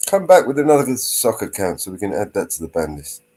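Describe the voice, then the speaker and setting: A man's voice: lowish voice, big pitch swings, fast talker, warm tone. A man hosting a livestream, bantering crudely and teasing as he swears freely. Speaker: livestream host.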